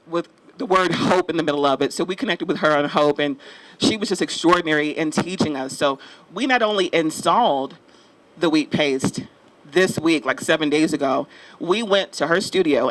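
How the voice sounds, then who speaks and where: A man's voice: fairly high pitch, fairly bright tone, rough recording. A man giving a chatty, playful speech at an outdoor mural dedication, upbeat and joking with the crowd.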